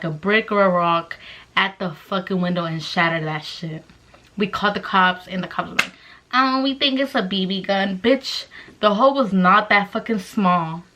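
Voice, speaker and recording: Young woman vlogger, storytime at home late at night, cursing and exclaiming throughout, mid-pitched. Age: young adult. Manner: profane, animated, exclamatory. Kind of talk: storytime vlog.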